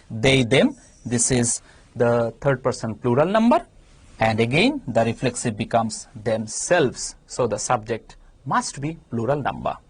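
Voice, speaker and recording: A woman with a Bangladeshi English accent teaching grammar in a televised class, explaining patiently and stressing key words with sudden leaps in pitch. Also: slightly rough.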